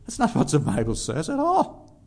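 A man's voice: a little high, huge pitch swings, moderate pace, darkish tone. Emphatic male preacher. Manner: emphatic, reads scripture aloud with rising stress. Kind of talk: sermon.

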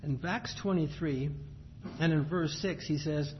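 A man's voice: fairly high pitch, a little hiss or hum. Man preaching, reading scripture aloud. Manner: reads verses in measured cadence, then explains plainly. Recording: dull lo-fi sound, faint ambience.

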